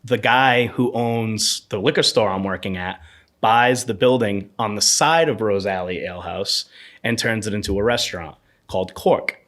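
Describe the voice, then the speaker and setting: A man in his thirties, a podcast guest, telling rambling animated anecdotes about his bartending years in a casual interview. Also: on the low side.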